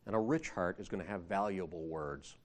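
A man's voice: low voice, fairly quick. A man preaching a sermon in a conversational way, often asking the listeners rhetorical questions and rising in emphasis when he quotes scripture.

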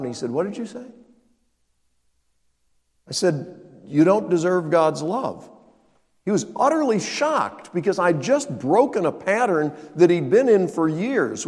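A man's voice: fairly high pitch, darkish tone, big-room sound. An older man preaching a sermon as pastor, telling a story and acting out the dialogue with emphatic rises.

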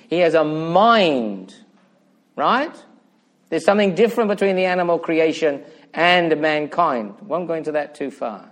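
A man preaching a sermon, addressing his listeners directly with rhetorical questions and swinging from loud emphatic peaks to hushed low asides.

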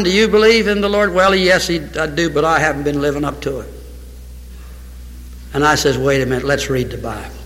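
Male pastor, fervent sermon delivery, bright tense voice, slightly raised pitch, long hall reverb. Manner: fervent storytelling preacher, acts out dialogue. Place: church sanctuary.

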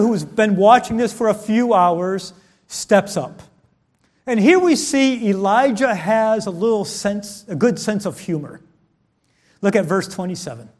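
A male preacher with a high-pitched voice delivers a sermon. He reads old-fashioned scripture passages aloud and shifts between loud, emphatic calls and quiet, hushed lines. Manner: reads scripture aloud in King James wording.

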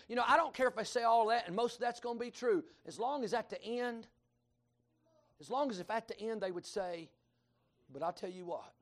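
High-voiced Kentucky pastor preaching. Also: male voice, fairly quick. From Kentucky, USA. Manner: folksy, animated storytelling, bursts of shouting. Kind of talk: sermon.

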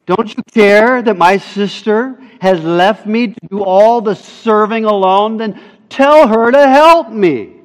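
A man preaching a sermon voices an exasperated busy woman pleading for help, loud and emphatic. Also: high voice, takes it slowly, in a large hall, voice pushed up, rough recording.

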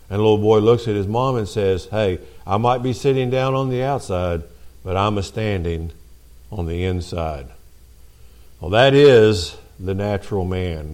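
A low-pitched man preaching from the pulpit. He builds each point through repeated phrases and lands the key lines slowly and deliberately. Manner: preaching with rising emphasis and dramatic pauses. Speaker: pastor. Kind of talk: sermon.

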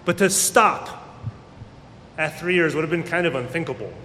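A man's voice: expressive, moderate pace, bright, forceful tone. A man preaching a sermon as a pastor, talking casually and acting out the people he quotes. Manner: conversational, acts out quoted voices. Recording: echoey hall with faint rumble.

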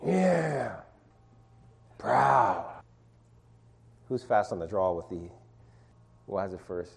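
A man's voice: on the low side, sing-song, drawn-out words, vocal fry, husky. A middle-aged man leading an informal sermon and Bible study, calling on listeners to read verses aloud and talking with many restarts.

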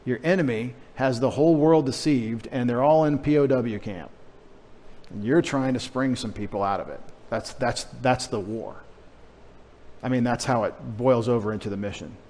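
A man's voice: medium pitch, normal speed, a little mellow, slight background noise. Man preaching in a reverberant church. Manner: conversational, emphatic preaching with wry humorous asides. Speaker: pastor. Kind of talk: sermon. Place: church sanctuary. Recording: long hall reverb.

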